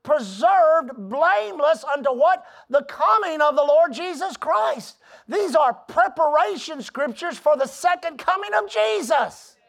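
High-voiced emphatic preacher. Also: animated, unhurried, creaky, hardly any pauses. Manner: emphatic, calls for "Amen?" from the congregation; builds from quiet asides to shouted declarations. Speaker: pastor. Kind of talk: sermon.

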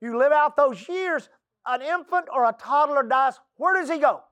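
A high-pitched male preacher from the Texas coast, delivering a folksy church sermon. He calls out for amens and slips into a hushed low voice for quotes. The sound is dry and close. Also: animated, moderate pace, no echo.

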